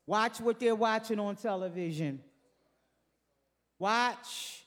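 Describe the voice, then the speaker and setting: A woman's voice: fairly high pitch, lively intonation, slow pace, long reverb tail. An older woman preaching a sermon, emphatic, repeating her phrases and calling out to the congregation.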